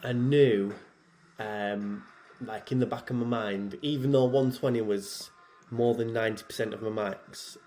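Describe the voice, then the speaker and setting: A man, head programmer and athlete, talking casually over his own workout footage in a relaxed, chatty way with many fillers. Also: on the low side, unhurried, a little hiss or hum.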